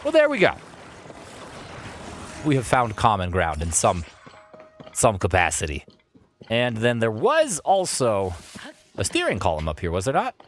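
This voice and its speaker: Playful, animated man streaming a game. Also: on the low side, a little slow, long pauses. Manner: playful, animated, jokes with chat. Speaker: let's play streamer. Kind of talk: live-streamed gameplay commentary.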